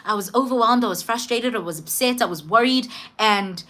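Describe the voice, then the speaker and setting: A woman's voice: a little high, a little fast, fairly bright tone, lightly acted. A woman voicing a worried, apologetic young man who pleads and explains. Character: worried older brother, apologetic grown man.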